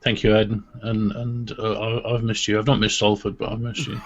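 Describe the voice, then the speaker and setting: A hesitant man co-hosting a live stream stumbles over and repeats his words. His voice sits fairly low, and his dull, muffled remote audio lacks clarity. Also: level tone, fairly quick. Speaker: co-host. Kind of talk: casual live-stream chat.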